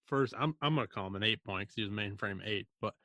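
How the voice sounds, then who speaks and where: A man's voice: lowish voice, quick pace, bright, forceful tone. A man hosting a casual outdoors podcast chat, laid-back and swearing casually. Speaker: podcast host.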